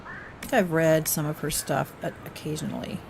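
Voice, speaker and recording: A woman's voice: low voice, steady tone, normal speed, creaky, darkish tone, a little hiss or hum. A woman chats her way through a live gameplay stream. She rambles casually, hops between topics and reads her chat aloud. Her delivery stays loose and conversational. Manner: chatty, rambling, talks to chat between game actions.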